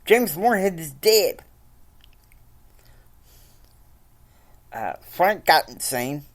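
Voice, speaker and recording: Kobieta grająca zestresowanego, wściekłego ranczera. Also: female voice, lowish voice, very animated, measured pace, pitched above the performer's own voice. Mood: frustrated. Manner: strained, frustrated. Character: stressed angry young rancher husband.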